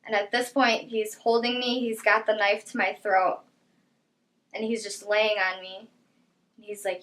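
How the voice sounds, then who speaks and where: Young woman, interview testimony, mid-pitched, soft and halting with trailing phrases. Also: fairly even intonation, rough recording. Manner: quiet, halting storytelling with soft trailing lines. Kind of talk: personal testimony.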